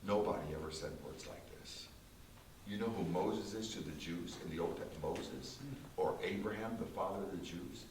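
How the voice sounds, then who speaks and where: Low-voiced man testifying in a roomy church. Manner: emphatic, repetitive, with dramatic slow phrasing. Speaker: concert pianist giving a testimony. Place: small church. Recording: roomy distant church recording with faint hiss.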